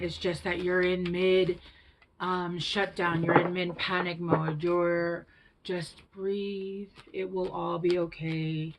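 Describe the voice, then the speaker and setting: A woman giving a tarot reading to her viewers, gentle and reassuring, with hushed whispered asides. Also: on the low side, a little hiss or hum, low-quality recording. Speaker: tarot reader.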